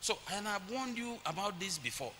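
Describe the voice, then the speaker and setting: A middle-aged man preaches in a bright, forceful voice that sits a little high. He tells stories and acts out voices. The sound rings with the long reverb of a church hall, over a faint hiss. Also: very animated, moderate pace. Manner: storytelling, acts out his children's voices. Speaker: pastor. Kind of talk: sermon.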